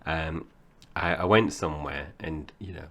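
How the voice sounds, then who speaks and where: A man's voice: rumbling low, unhurried, a bit bright. A man in his forties from Essex with a Cockney-tinged accent, co-hosting a casual film podcast and rambling chattily with frequent laughs. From Essex, England. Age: 40s. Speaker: podcast co-host.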